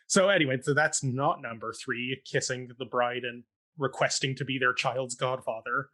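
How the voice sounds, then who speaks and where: A man's voice: medium pitch, steady tone, moderate pace, pushed and bright. A young man co-hosting a talk show, recapping a stage play in a chatty, sarcastic way and mock-quoting the characters. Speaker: podcast co-host recapping a stage production. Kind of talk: casual chat.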